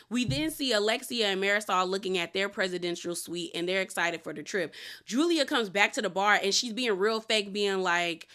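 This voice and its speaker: A woman giving a casual, opinionated recap of a reality TV episode, full of slang and quick quoted lines. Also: medium pitch, pushed and bright.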